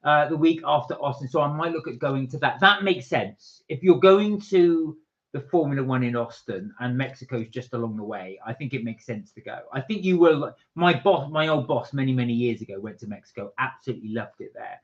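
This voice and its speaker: A man's voice: medium pitch, expressive, brisk. A man co-hosting a live stream, chatting casually and reading out viewer comments with jokes. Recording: dull lo-fi stream audio.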